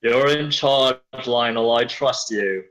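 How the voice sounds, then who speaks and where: A man's voice: medium pitch, slow, a bit bright, rough recording. A man playing a tabletop game, hesitant and trailing off as he decides. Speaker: player. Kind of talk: tabletop role-play.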